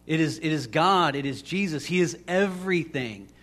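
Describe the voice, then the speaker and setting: A man's voice: fairly high pitch, lively intonation, moderate pace, fairly bright tone. A man preaching a casual, storytelling sermon, rambling and conversational with many restarts. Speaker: pastor.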